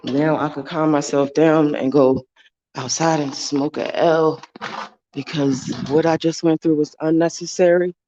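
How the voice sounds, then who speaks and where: A woman's voice: low voice, steady tone, unhurried, mellow, lo-fi sound, a little hiss or hum. A woman talking live to her viewers through a phone, heated, profane and repetitive. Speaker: livestreamer. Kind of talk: live-streamed rant to viewers.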